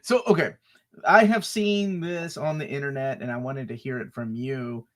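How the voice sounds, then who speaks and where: A man's voice: medium pitch, steady tone, normal speed. A man hosting a casual interview, enthusiastic and laughing along with fan talk. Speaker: interview host.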